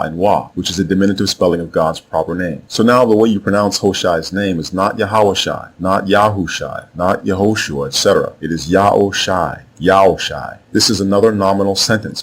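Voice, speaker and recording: A man giving a scripted religious lesson, slowly and deliberately spelling out words letter by letter. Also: low voice, husky. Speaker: religious teacher. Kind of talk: scripted explanatory narration.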